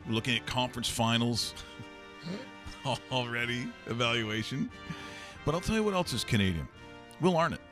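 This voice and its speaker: A man's voice: medium pitch, lively intonation, normal speed, long pauses, music in the background. A man hosting a casual sports talk show, chatty and wry as he sets up a segment. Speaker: host. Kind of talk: casual sports radio banter.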